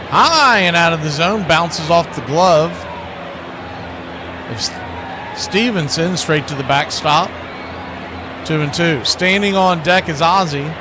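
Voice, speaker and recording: A man calling a baseball game pitch by pitch as the stream's play-by-play announcer, rising in excitement on big plays. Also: background noise.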